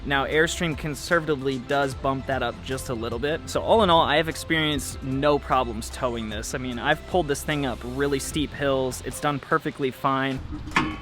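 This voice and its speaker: A man's voice: medium pitch, moderate pace, few pauses, a bit bright, faint music behind. A man talking casually to camera as a vlogger, playful and joking in his asides. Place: home, bathroom and truck with travel trailer.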